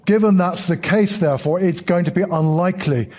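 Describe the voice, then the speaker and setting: A man giving expert analysis on polls, measured and explanatory. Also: high-pitched, a little mellow. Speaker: polling expert.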